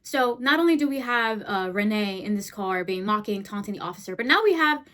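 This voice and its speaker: A woman's voice: mid-range voice, expressive, fairly quick, fairly bright tone. A woman hosting a political commentary video, talking bluntly and heatedly, often tagging her points with "right?" and "okay?". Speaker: host.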